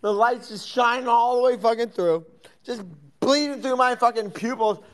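A man's voice: very high voice, moderate pace. A young man hosting a live audio chat room, rambling casually, swearing constantly and teasing a sleeping friend. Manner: profane, teasing, laughing fits.

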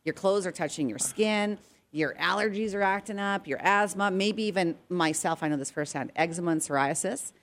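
A middle-aged woman from Canada, chatting as a guest with upbeat, persuasive energy. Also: normal speed. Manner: upbeat, sales-pitch energy. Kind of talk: casual chat.

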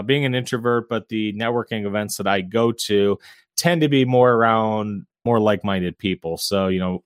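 Low-voiced easygoing man on a podcast. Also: smooth, dry recording, studio quality. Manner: easygoing, chuckles often, many fillers. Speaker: podcast guest, real estate investor and realtor. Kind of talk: casual interview chat.

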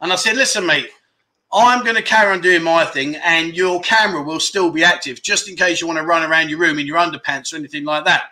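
A man's voice: a little high, fast talker, bright, forceful tone. A man hosting a livestream, chatting casually and teasing viewers as he reads their comments. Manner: cheeky, teasing banter. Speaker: livestream host.

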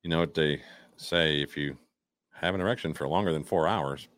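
A man co-hosting a live talk show, reading news stories aloud with halting restarts and casual asides. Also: very deep voice, a bit bright, no echo, clean studio sound. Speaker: podcast co-host. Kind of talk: casual live-stream chat.

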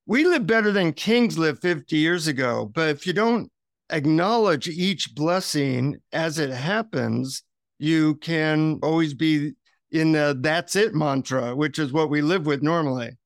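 A man, an author and guest on an interview, telling lively, self-mocking anecdotes. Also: a little high, unhurried, dry recording, clean studio sound. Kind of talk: interview storytelling.

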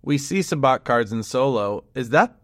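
A chatty man co-hosting a podcast in casual conversation. His voice sits in a middle pitch, and he laughs easily as he explains. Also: expressive, moderate pace, dry recording, studio quality. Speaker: podcast co-host. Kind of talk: casual chat.

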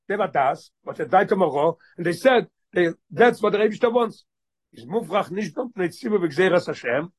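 A man's voice: high voice, husky. A man giving a text study lesson, quoting passages and explaining them as he goes. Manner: mixes English with Yiddish and Hebrew, quoting and explaining. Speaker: Torah teacher.

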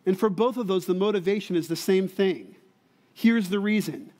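Preaching to college students, a male Bible teacher uses a high-pitched voice with a darkish tone at a moderate pace. His style is conversational, with frequent repeated words and questions asking if the audience sees it.

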